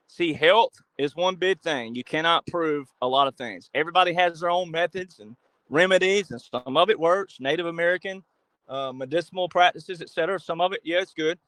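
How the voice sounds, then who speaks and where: A man speaking as a podcast guest in an animated monologue, emphatic and full of rhetorical questions. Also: on the high side, no room sound, poor audio. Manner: acts out quoted voices.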